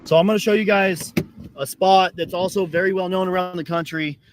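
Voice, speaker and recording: Excitable high-voiced man streaming outdoors. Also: fairly quick, noisy background. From California. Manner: chatty, excitable, swears, coaxes his dog. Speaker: live-stream host. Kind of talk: casual live-stream vlog.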